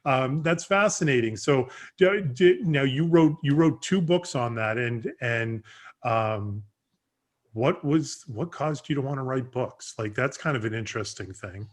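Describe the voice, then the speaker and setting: A man's voice: mid-range voice, unhurried. A man hosting a casual interview, talking in an enthusiastic, rambling way with lots of restarts. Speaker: podcast host.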